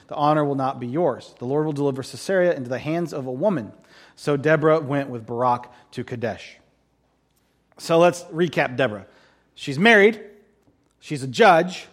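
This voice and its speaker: A male pastor with a high, light voice gives a loose, joking sermon. He talks in a chatty way, breaks off his own sentences and throws in quick comic voices to tell the story. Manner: chatty, self-interrupting, acts out quick voices for laughs. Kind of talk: casual sermon with jokes.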